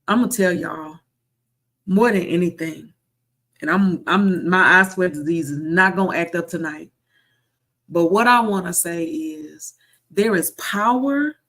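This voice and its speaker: A woman content creator telling a story in a casual vlog, repeating phrases for emphasis and slowing into a preacher-like cadence. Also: lowish voice, a bit bright. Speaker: content creator and online group founder.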